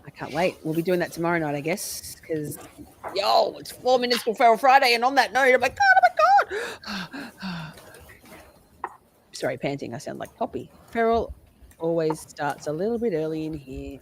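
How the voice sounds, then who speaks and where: Lively, sweary woman streamer. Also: fairly low pitch, fairly quick, vocal fry, slight background noise. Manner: rambling, sweary, playful. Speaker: livestream host. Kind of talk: casual livestream chat.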